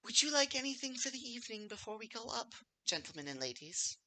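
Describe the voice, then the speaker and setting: A kindly, doting barmaid in her fifties, put on by a man running a tabletop game, pitched much higher than his own voice and spoken softly. She coos over her guests in a gentle, motherly way. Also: sing-song, quick pace, exaggerated voice. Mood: sweet. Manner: soft, doting, calls people sweetheart. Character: sweet, kindly older barmaid woman.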